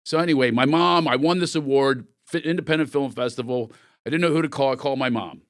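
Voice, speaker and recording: A man's voice: mid-range voice, fast, no room sound, studio quality. A middle-aged man from the Philadelphia area, a comedian guest telling stories and acting out voices from his life. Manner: animated, acts out voices in anecdotes. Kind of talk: storytelling interview.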